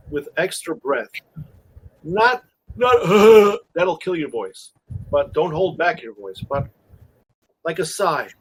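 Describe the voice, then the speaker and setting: Guy coaching singing in a group call, slightly high husky voice, stops and restarts a lot. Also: poor audio. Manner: halting, restarts often, laughs between points. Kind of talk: casual group video chat.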